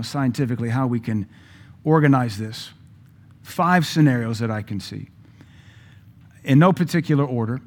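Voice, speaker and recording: Guy preaching a sermon, blunt and punchy, hits words hard, acts out the people he quotes. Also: mid-range voice. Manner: blunt and emphatic, with sudden loud stresses.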